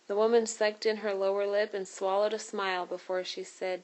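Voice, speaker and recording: A woman reading a children's novel aloud, telling the story in a steady, clear way. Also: mid-range voice, normal speed, hardly any pauses, low-quality recording. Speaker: reader.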